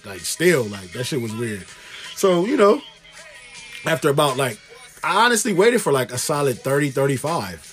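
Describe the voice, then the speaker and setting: A man's voice: medium pitch, sing-song, normal speed, faint music behind. A young man co-hosting a podcast, telling a story in casual chat with slangy, profane, laid-back talk. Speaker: podcast co-host.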